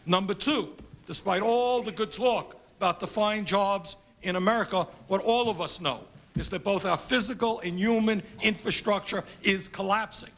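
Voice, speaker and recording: A man's voice: high-pitched, normal speed, few pauses, fairly bright tone. A congressman giving an emphatic speech at a conference, building his points through repeated phrases.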